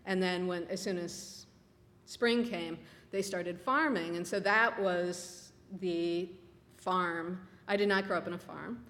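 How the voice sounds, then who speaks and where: A woman from Minnesota, an author telling family stories in a wry, unhurried way at a public talk. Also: lowish voice, a bit bright. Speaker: author guest. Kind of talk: conversational storytelling. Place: public library event room. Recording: reverberant hall.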